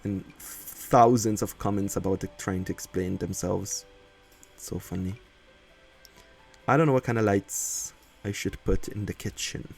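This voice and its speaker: Chatty low-voiced male streamer, laughing a lot. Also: animated, measured pace, creaky, a little mellow, husky, soft background music. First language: not English. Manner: chatty, laughs often, reads chat aloud. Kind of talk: casual chat while building in a life-sim game.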